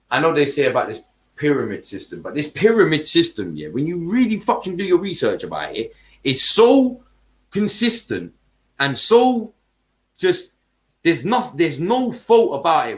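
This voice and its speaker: A man's voice: on the high side, very animated, normal speed. A man hosting a football podcast, ranting heatedly in casual chat, swearing and using heavy street slang.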